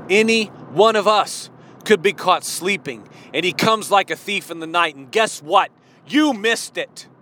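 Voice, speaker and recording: A man's voice: sits high, sharp tone, slight background noise. A male preacher delivering a sermon with emphatic, repeated rhetorical questions.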